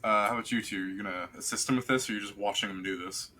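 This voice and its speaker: A man's voice: lowish voice, fairly even intonation, rapid-fire, pushed and bright. A man narrating a tabletop game as game master, describing scenes in a rambling way full of fillers.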